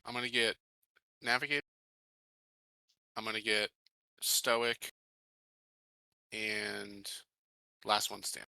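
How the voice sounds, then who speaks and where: A man at a tabletop game, taking his time as he lists his choices. His tone is very bright and forward, and his pitch sits a little low. The sound is dry. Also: flat delivery, takes it slowly, gravelly, pauses often, dry recording, rough recording. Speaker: player. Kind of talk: casual tabletop chat.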